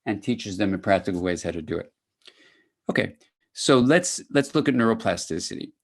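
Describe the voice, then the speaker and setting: An older man giving a conversational academic lecture to clinicians, lively and acting out little dialogues. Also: normal speed, creaky. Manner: animated, conversational, acts out dialogues with rising pitch.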